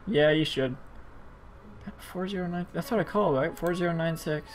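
A man's voice: on the high side, a little fast, soft background music. A man hosting a let's play, rambling in casual commentary with frequent stammers and self-interruptions.

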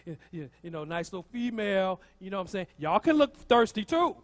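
A man's voice: high-pitched, a little fast. A male pastor preaching a sermon, repeating lines and calling on the congregation to respond. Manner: lively preacher, repeats lines, calls on the crowd. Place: church. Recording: church hall reverb.

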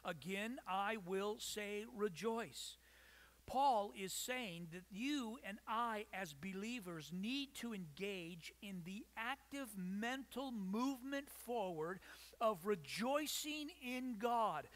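A man preaching a sermon as pastor, emphatic, asking the congregation rhetorical questions and pausing for effect. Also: sits high, expressive, fairly bright tone. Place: church.

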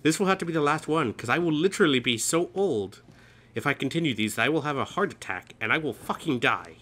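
A man commenting on a horror game as a let's play host, his voice sitting a bit high and leaping wildly in pitch. He is jumpy and nervous, swearing freely and joking at his own expense. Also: expressive, fast, a bit bright, husky. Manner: jumpy, swears often, nervous self-mocking jokes.

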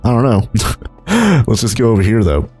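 Young male gaming host, husky low voice with wild pitch swings, chatty and rambling, faint music underneath. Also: big pitch swings, moderate pace, a little mellow. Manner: rambling, chuckling, jumps between low mumbles and high exclaims. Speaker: gaming YouTuber. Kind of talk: Minecraft let's play commentary.

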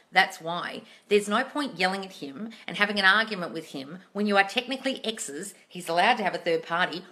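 Woman, live-stream coach, blunt, profane, scolding, sharp forceful voice, lowish pitch. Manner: sarcastic mimicry of viewers. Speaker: manifesting coach. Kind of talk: live-stream question and answer.

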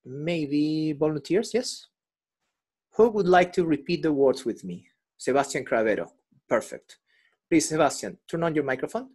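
A man's voice: on the high side, lively intonation, moderate pace, darkish tone, breathy edge. A male English teacher running an online class over a video call, patiently explaining and repeating examples.

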